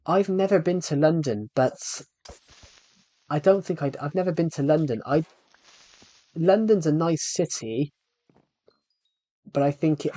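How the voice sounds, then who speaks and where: A man's voice: fairly high pitch, a little mellow. A man streaming live, chatting in a rambling, casual way and talking straight to his viewers. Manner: rambling, addresses viewers directly. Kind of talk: casual live-stream chat while gaming.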